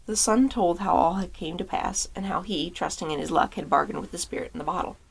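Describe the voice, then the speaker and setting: A woman, an author, reading a fairy tale aloud in a calm, even storytelling manner. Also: fairly low pitch, a little fast, creaky, slightly rough.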